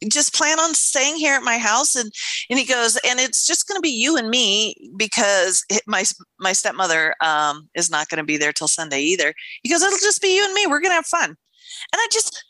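A woman's voice: a little high, expressive, moderate pace, sharp tone, no echo. A middle-aged woman co-hosting a podcast in casual chat, telling stories animatedly, acting out quotes and swearing casually. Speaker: podcast co-host.

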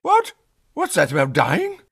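A man's voice: on the high side, huge pitch swings, measured pace, fairly bright tone, no echo, studio quality, heavily acted. A man voicing a sneering, hard-drinking, nervous blond male politician in a read-aloud story. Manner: sneering, curt.

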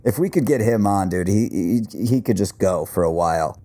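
A man's voice: deep voice, normal speed. A man co-hosting a podcast, telling stories casually with lots of swearing and slang. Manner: profane, animated storyteller. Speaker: podcast co-host. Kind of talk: casual chat.

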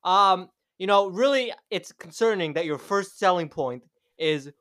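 A young man argues in a heated, sarcastic rant and drops the odd swear. His voice sits high for a man. It is recorded close and dry. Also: animated, unhurried, pushed and bright, no room sound. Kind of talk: casual chat.

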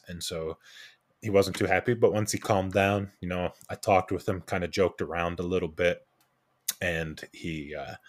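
Low-voiced man telling a story. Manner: animated anecdote-telling with quoted voices and restarts. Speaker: podcast co-host. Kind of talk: casual storytelling.

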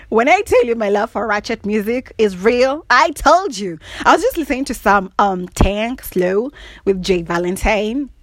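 Playful, lively woman, laughing a lot. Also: medium pitch, a little slow, no echo. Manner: laughs often, teasing and playful, repeats "all right?". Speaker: podcast host. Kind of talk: casual solo chat.

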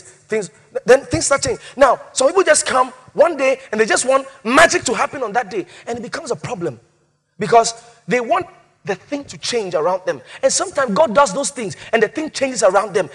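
A male pastor preaching a sermon, repeating key phrases with dramatic rises and sudden soft drops. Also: sits high, breathy edge.

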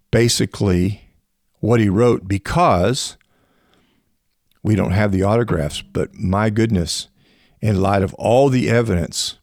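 A man teaching in a conversational podcast style, animated and rising in pitch when he stresses a point, often restarting phrases and slowing down to explain. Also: dry recording, studio quality. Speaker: biblical scholar teaching on a podcast.

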